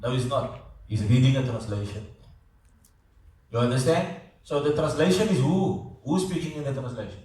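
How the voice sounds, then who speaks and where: Echoey lecturer. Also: male voice, mid-range voice, lively intonation, moderate pace, long pauses, warm tone. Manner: conversational, repeats words, checks understanding. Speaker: teacher. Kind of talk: classroom lecture. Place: classroom. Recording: echoey classroom, voice from far off.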